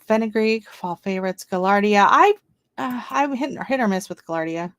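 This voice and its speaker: A woman's voice: mid-range voice, expressive, normal speed, fairly bright tone, clean tone, dry recording. Woman, gardening livestream host, chatty, reads listings aloud, dry close sound. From not from Canada. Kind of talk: casual live-stream chat.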